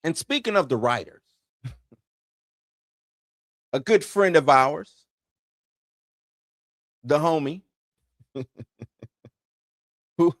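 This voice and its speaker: A man's voice: fairly high pitch, fairly bright tone, no echo, studio quality. A man hosting an entertainment news show in loose, slangy casual commentary, chuckling between points.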